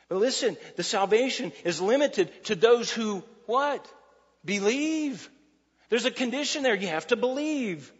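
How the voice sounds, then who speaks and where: A man preaching a sermon, emphatic and repetitive, shifting from loud to quiet. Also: very high-pitched, animated, measured pace, breathy edge. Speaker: pastor. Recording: muffled hall recording.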